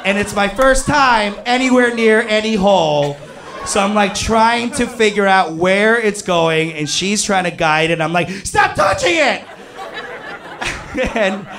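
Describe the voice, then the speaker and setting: Self-mocking man telling a comic story. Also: slight background noise. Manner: animated, self-mocking, jumps up high for exclaims. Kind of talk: comic true story told to an audience.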